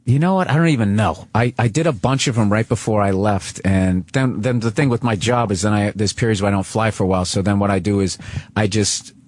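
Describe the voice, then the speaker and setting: A man in his forties, a comedian guest swearing freely and telling animated stories in casual talk-show chat. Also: fairly low pitch, fairly quick, no echo, studio quality. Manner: profane, animated storytelling.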